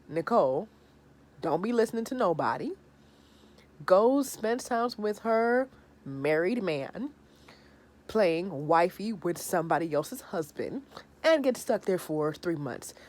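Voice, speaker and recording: A woman in her thirties giving a sassy, animated review of a reality TV episode, sounding tired. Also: on the low side. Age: 30s. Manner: sassy, animated, acts out the people she discusses. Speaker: reality TV recapper.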